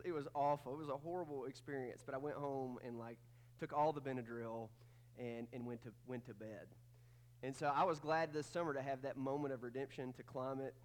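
A man, preaching a sermon as pastor in a casual, folksy storytelling way with many fillers. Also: medium pitch.

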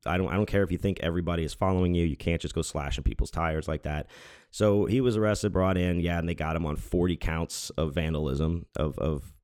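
Deep-voiced guy rambling through a story on his show, lots of ums and restarts, some cussing, dry close sound. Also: steady tone, a little fast, a little mellow, dry recording. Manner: rambling, frequent restarts and fillers, swears freely. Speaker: podcast host. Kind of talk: casual storytelling monologue.

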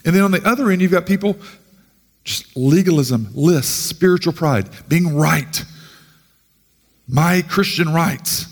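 A man's voice: a little high, measured pace, long pauses, in a large hall. A man pastor giving a conversational sermon full of rhetorical questions.

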